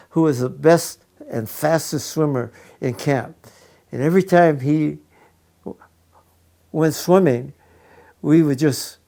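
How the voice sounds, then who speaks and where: A man's voice: fairly high pitch, vocal fry, dark tone. A man in his eighties fondly recounting childhood memories in an interview, rambling a little.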